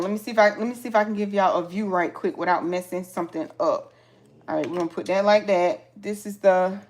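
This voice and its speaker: A woman hosting a casual live sewing tutorial, chatting to her viewers as she cuts vinyl pieces, with features and frequent excited exclamations. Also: on the low side.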